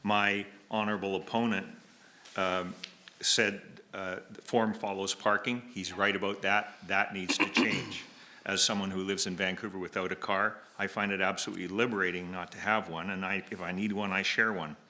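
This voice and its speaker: A man making his case in a live public debate, deliberate with some restarts. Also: low-pitched, little pitch movement, pushed and bright. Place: lecture hall with audience.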